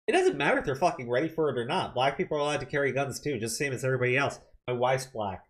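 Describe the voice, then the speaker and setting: A man's voice: mid-range voice, fairly bright tone. A man hosting a political commentary show, reacting to clips and news with angry, profanity-laced rants.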